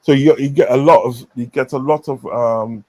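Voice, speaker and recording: A man's voice: mid-range voice, steady tone, moderate pace, a little mellow. A man chatting casually on a stream, rambling with many fillers and repeated phrases. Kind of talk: casual chat.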